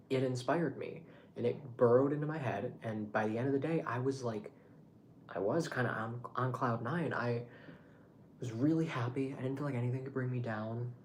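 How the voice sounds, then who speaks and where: A man's voice: mid-range voice, normal speed, a little hiss or hum. Rambling, swearing young man. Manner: rambling, animated, swears freely. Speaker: vlogger. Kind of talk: casual monologue to camera.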